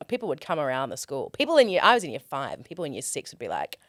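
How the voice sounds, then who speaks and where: A young Australian performer spins comic stories in a lowish voice that swings all over the place. She acts out the people she quotes with plenty of bounce. The sound is close and dry, with no room around it. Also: wildly swooping pitch, very fast, no room sound. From Australia, Perth. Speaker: guest, performer. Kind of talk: casual interview chat.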